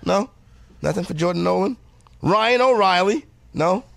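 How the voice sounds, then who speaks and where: A man's voice: sits high, expressive, measured pace, creaky, fairly bright tone. A man hosting a radio show, chatting casually and joking as he stumbles through a list of names. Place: radio studio.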